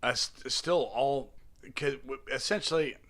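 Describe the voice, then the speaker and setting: A man in his forties hosting a casual comedy podcast, a bit tipsy, joking loosely and reading news aloud haltingly. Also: mid-range voice, fairly bright tone. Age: 40s. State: tipsy from drinking. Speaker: podcast host.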